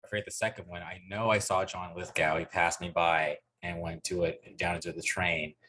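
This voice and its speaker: A man's voice: low voice, little pitch movement, sharp tone, a little hiss or hum. A man co-hosting a casual podcast chat, rambling and cursing, cutting in often. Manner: rambling, profane, quick to jump in. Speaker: podcast co-host.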